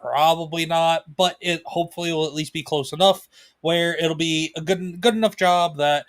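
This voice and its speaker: A man's voice: fairly high pitch, fairly even intonation, moderate pace, a bit bright. A man co-hosting a casual livestream chat with his wife, talking in a laid-back, rambling way with fillers and laughs. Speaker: co-host. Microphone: home desk mic, video call.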